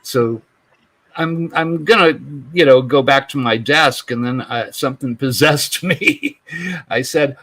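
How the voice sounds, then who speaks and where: A man's voice: medium pitch, takes it slowly, fairly bright tone, dry recording, rough recording. A man in his sixties, a guest on a podcast, telling a childhood story casually. He rambles, chuckles often and restarts his sentences. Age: 60s. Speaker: podcast guest, UFO investigator.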